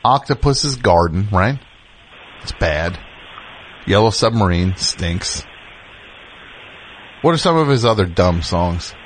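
A man's voice: deep voice, expressive, slow pace, long pauses, slight background noise. A man hosting a call-in radio show, sarcastic and riffing with mock exasperation at callers. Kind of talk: casual call-in radio chat.

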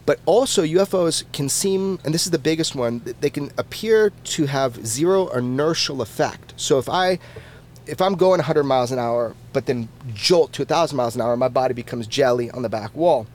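A man being interviewed as a podcast guest, who talks in an animated and casual way, swears freely and often restarts his words. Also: medium pitch, moderate pace.

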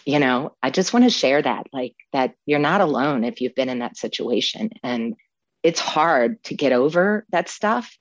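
A woman's voice: a bass voice, expressive, normal speed, no echo, highs cut off. A woman in her fifties from New Orleans, sharing her recovery story with heartfelt, tearful joy and frequent laughter. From New Orleans, USA. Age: 50s. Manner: heartfelt, tearful yet joyful, laughs often. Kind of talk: emotional personal testimony.

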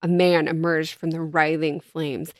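A woman's voice: low voice, level tone, unhurried, no echo, studio quality. A woman in casual podcast chat, reading horror passages aloud dramatically and laughing often. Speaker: podcast co-host recapping a book.

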